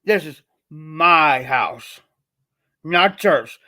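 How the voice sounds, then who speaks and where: A strict middle-aged dad lays down the law in a firm, commanding voice that sits a little high, as a man puts him on while telling a story. He sounds steady and stern. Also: takes it slowly, full character voice. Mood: angry.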